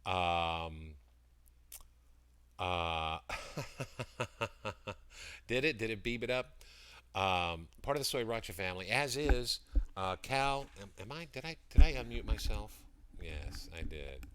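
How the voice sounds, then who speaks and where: A man's voice: lowish voice, animated, takes it slowly, pauses often, bright, forceful tone, clean tone. A man selling products on a casual livestream, rambling and greeting chat viewers by name as he talks. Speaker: livestream seller. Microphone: computer mic.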